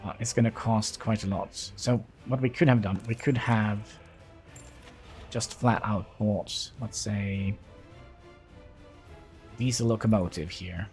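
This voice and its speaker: A man's voice: lowish voice, fairly even intonation, slow, long pauses, a little mellow, faint music behind. A man livestreaming a city-building game, talking casually and hesitantly as he thinks aloud. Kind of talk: casual gameplay commentary.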